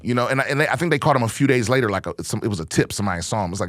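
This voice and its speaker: A man's voice: mid-range voice, animated, racing, hardly any pauses, a bit bright, dry recording, studio quality. A man hosting a podcast, delivering a profane, rambling comic rant in a casual monologue. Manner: rambling, restarts often. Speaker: podcast host and comedian.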